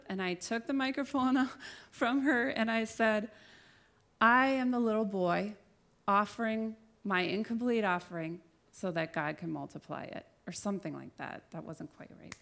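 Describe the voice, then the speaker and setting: A woman speaks to listeners about faith and shame, telling her own story candidly. She pokes fun at herself along the way. Her voice sits in an ordinary middle range. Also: mid-range voice. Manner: candid, self-deprecating storytelling with laughter. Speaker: speaker giving a faith talk. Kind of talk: personal testimony and encouragement.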